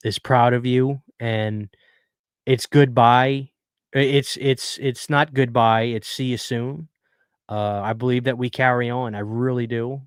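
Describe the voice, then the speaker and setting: This talkative streamer has a clear, resonant mid-range voice and reads his viewers' messages aloud in an earnest, casual chat. The recording is dry and of studio quality.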